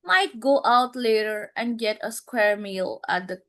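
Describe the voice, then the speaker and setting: A woman voicing a middle-aged mother who answers coolly and sarcastically, read slowly in a lesson. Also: fairly high pitch, a bit bright. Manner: cool, dry, sarcastic.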